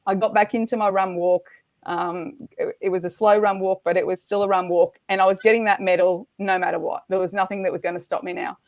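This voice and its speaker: Animated woman telling a story. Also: medium pitch, fairly quick, no room sound. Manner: lively, animated retelling with acted-out quotes. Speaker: podcast guest. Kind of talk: storytelling in casual chat.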